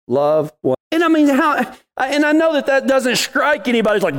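A man's voice: sits high, big pitch swings, normal speed, hardly any pauses. A middle-aged man giving a folksy devotional talk, telling a story in cowboy slang before turning to scripture. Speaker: devotional podcast host.

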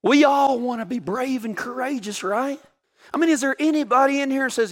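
A man's voice: extremely high pitch, fairly quick. A man, preaching a sermon through folksy, joking personal stories. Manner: folksy, joking, animated storytelling. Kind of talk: storytelling sermon.

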